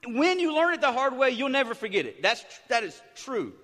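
A middle-aged pastor preaching a sermon, hyper and excited, tumbling through restarts and repeated words. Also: male voice, extremely high pitch, fairly quick. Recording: big hall reverb.

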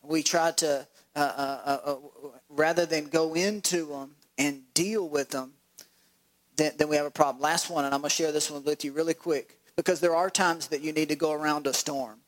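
A male pastor preaching a sermon, animated and acting out voices with laughs. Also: on the high side, normal speed, low-quality recording.

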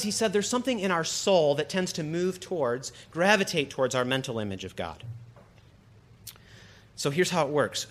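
A young priest delivers a sermon in a conversational way, tossing humorous asides to his listeners. His voice is bright and forceful, sitting a little high for a man.

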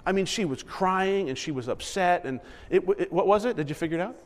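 Man pastor, high voice, conversational sermon, long church reverb. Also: animated, fast. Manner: conversational preaching, quotes others in higher voices. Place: church sanctuary.

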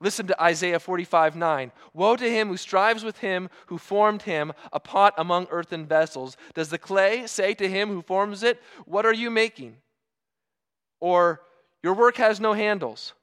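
This sermon comes from a man whose voice sits notably high. He poses rhetorical question after rhetorical question, stressing each earnestly and lingering in pauses ahead of important words, all in a clear, resonant, fairly bright tone.

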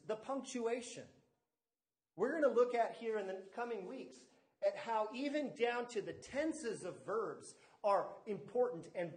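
Male pastor, high voice, sermon in an echoey church hall, stresses key words. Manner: teaching with stress on key words and asides to the congregation. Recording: echoey room.

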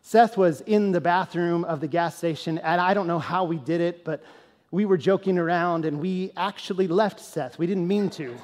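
A man preaching a sermon as a pastor, telling a story in an animated, conversational way and then teaching in a more earnest, quieter tone. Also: sits high, moderate pace. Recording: long hall reverb.

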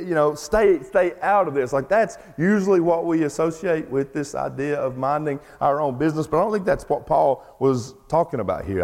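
A man's voice: mid-range voice, a little mellow, in a large hall. A man preaching a sermon as the pastor, in a conversational, emphatic style, repeating key phrases for weight. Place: church sanctuary.

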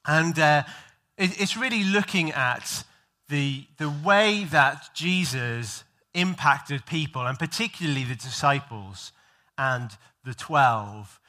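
A male preacher talks to a church congregation in a relaxed, joking sermon. His voice sits a little high and rings bright and crisp. He laughs at himself and wanders through fillers as he talks. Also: slow. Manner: self-deprecating, joking, loose with fillers. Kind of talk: sermon, conversational.

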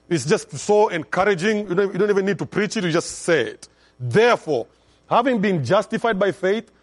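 A middle-aged male pastor with a high-sitting voice preaches a sermon, calling on the congregation to respond and swinging between hushed and loud emphasis.

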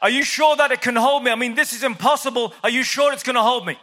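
A fretful male disciple who frets and stalls, pleading again and again for reassurance, as a preacher puts him on. The voice sits high and bright, with a long hall reverb trailing behind. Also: fast. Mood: nervous pleading. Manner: pleading, comically hesitant.

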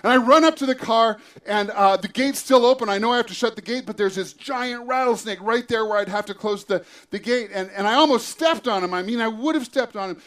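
A man, a pastor, telling a lively personal story in a church sermon and acting out the scene. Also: very high-pitched, fairly quick, few pauses.

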